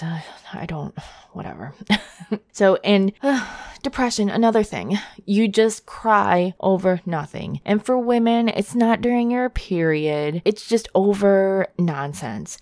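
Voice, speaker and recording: A woman's voice: fairly low pitch, darkish tone, dry recording, clean studio sound. A young woman hosting a casual monologue, candid and profane, with frequent tangents and laughter.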